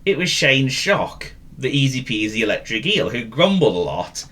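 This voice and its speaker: A man's voice: on the low side, lively intonation, normal speed, hardly any pauses, bright, forceful tone. A man narrating a children's story, with playful, teasing asides to the listener.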